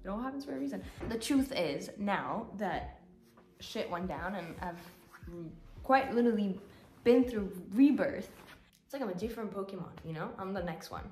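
A woman's voice: mid-range voice, expressive, normal speed, warm tone. Candid woman vlogger, echoey room. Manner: candid, rambling, heavy on "like", tearful at times. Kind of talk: emotional personal update. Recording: roomy echo, faint music.

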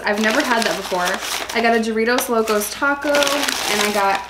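A woman's voice: fairly high pitch, fairly quick, echoey room, heavy background noise. A young woman chatting casually and self-mockingly at a table at home while eating for her vlog. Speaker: vlogger.

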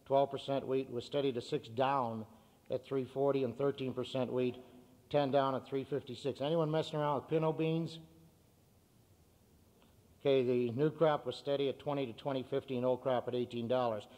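A man's voice: mid-range voice, steady tone, a little mellow. A man, a farm radio broadcaster, addressing a meeting and reading market prices in an upbeat manner. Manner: upbeat, reads figures briskly. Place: meeting hall. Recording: cassette with hall reverb.

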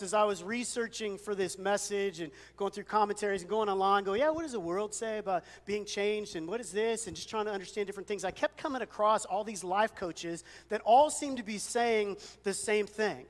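A man with a fairly high voice delivers a sermon from a church sanctuary. He preaches conversationally, telling stories and poking fun at himself. His words trail off into a long hall reverb. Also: fairly quick, few pauses. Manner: conversational storytelling with self-deprecating humor. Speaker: pastor.

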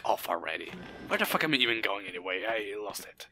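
A man with a German accent doing crude, profane commentary over a game, yelling now and then. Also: on the low side, big pitch swings, moderate pace, a little hiss or hum. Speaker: gameplay commentator.

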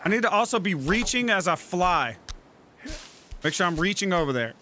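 A man giving excitable, profane gameplay commentary, yelling at and coaching his game character. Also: high voice, normal speed, slight background noise. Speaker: let's play gamer.

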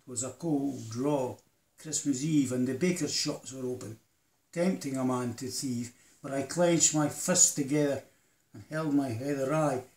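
Man reciting a dramatic poem slowly. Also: medium pitch, echoey room. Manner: theatrical, moving between hushed and declaiming. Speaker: poetry reciter.

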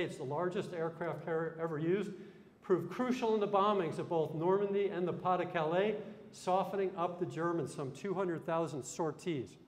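A man giving a live history lecture in a hall, chatting and quizzing his audience with questions. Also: high-pitched. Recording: long hall reverb.

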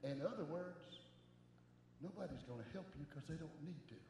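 Middle-aged male evangelist, lively sermon delivery, high-pitched, recorded in a reverberant sanctuary. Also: normal speed, background noise. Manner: animated, swings from soft asides to shouting. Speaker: evangelist preacher. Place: large church sanctuary. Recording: echoey church hall with long reverb.

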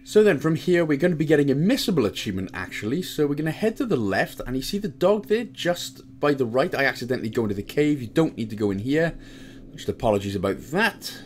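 A man's voice: quick pace, slight background noise. A man from Wales giving casual, joke-filled commentary as he walks through a video game guide. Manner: chatty, jokey asides, lively pitch swings.

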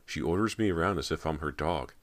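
A man's voice: rumbling low, quick pace. A man voicing a nervous haunted teenage girl. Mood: anxious. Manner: trembling, emotional delivery.

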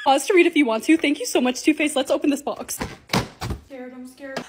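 Bubbly high-voiced young woman vlogger. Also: quick pace, background noise. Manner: bubbly, upbeat narration of shopping and decorating. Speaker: lifestyle content creator. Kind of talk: casual vlog voice-over.

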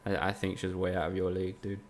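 Man, game streamer, low gravelly voice, teasing sweary chat banter, casual commentary. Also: level tone, fast, slight background noise.

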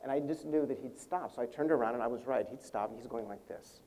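An older man, a convention panel guest, telling an animated story and acting out quotes, laughing often. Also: mid-range voice, fast talker, a little hiss or hum. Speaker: interview guest, language creator. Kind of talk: storytelling anecdote on stage.

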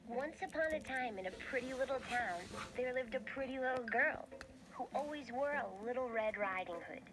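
A woman giving expressive, scripted storybook narration. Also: on the high side, moderate pace, noisy background. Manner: expressive, lively. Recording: narration over music.

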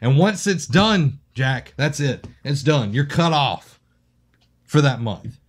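A man's voice: mid-range voice, lively intonation, takes it slowly, slightly rough. A man co-hosting a casual podcast, joking around and reading ad copy loosely. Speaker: podcast co-host.

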